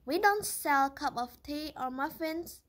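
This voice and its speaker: A woman's voice: high-pitched, lively intonation, unhurried, a bit bright. A woman voicing a polite shopkeeper in a storybook reading, matter-of-fact. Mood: plain.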